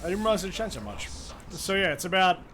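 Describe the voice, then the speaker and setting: A young Australian man with a high voice talks fast over a background crowd, chatting with his live-stream viewers as he games. He's animated and jokey, swears freely, and speaks straight to chat.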